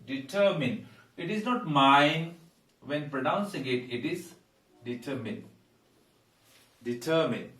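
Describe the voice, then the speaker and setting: A man with an Indian English accent teaching English pronunciation at a whiteboard, halting with frequent "uh"s and repeating words slowly. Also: on the high side. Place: room with a whiteboard. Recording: roomy echo, mic at a distance.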